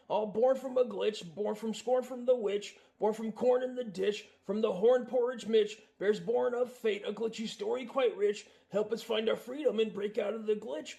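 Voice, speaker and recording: A man's voice: high-pitched, gravelly, dark tone. A man voicing a confused, dreamy male cartoon bear, singing rhyming verses. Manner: sung rhyming verses, wordplay-heavy. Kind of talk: sung musical number.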